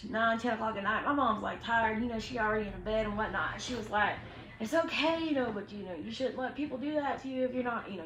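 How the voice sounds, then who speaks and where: A young woman, telling a story to her viewers in an animated, slangy way, acting out what people said. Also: a little high, reverberant, a little hiss or hum, low-quality recording. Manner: animated, slangy, quotes people in lively voices. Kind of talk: casual storytime chat.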